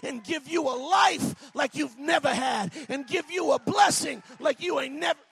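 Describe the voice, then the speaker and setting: A man preaching a fiery sermon in a church, shouting and exhorting with insistent repetition. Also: very high voice, moderate pace, creaky.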